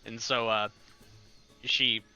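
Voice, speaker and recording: A man narrating as game master in a tabletop game, in a relaxed, halting way with fillers. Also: mid-range voice, smooth. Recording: dull lo-fi audio, faint music.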